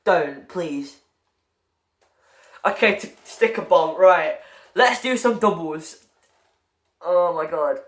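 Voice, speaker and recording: A man giving excitable gaming commentary while chatting with a friend, stammering and repeating himself. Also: high-pitched, slow pace. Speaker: gamer opening loot crates.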